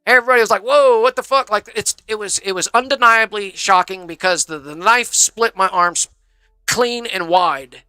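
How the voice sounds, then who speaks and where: A man's voice: high voice, moderate pace, sharp tone, clear, resonant tone, no echo, studio quality, soft background music. A man rambling through a casual, profane story on a live stream, saying "bro" constantly.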